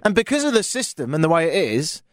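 Lively British man, wry radio rant. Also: on the high side, fast talker, no echo, studio quality. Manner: wry, storytelling, exasperated asides. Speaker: radio talk show host. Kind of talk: rambling talk radio monologue. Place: radio studio.

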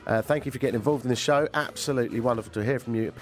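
A man's voice: mid-range voice, very fast, faint music behind. A man hosting a radio show in casual chat, dry and self-mocking in manner.

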